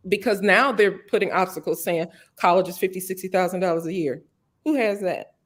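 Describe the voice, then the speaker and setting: Low-voiced passionate woman, interview guest. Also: brisk. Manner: passionate, emphatic. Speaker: guest, marketing executive. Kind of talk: interview conversation.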